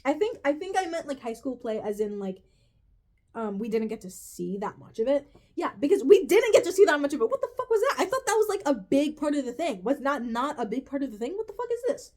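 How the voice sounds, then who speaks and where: A woman's voice: high-pitched, very animated, brisk, darkish tone. A woman ranting casually to her viewers, profane and exasperated, rambling with restarts and self-corrections. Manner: profane and exasperated, says "bro" often. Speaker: vlogger reviewing a TV finale. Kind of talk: casual rant to camera.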